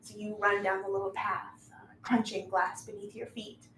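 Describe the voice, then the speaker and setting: A woman's voice: mid-range voice, little pitch movement, moderate pace, pushed and bright. Brief: woman game master, casual descriptive narration full of fillers, echoey room, faint hiss.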